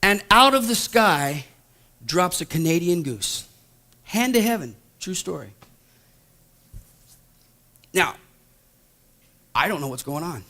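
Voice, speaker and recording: A male pastor telling a story from the pulpit in a high, bright voice. He swings from hushed, slow passages to loud, animated ones. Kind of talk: storytelling sermon.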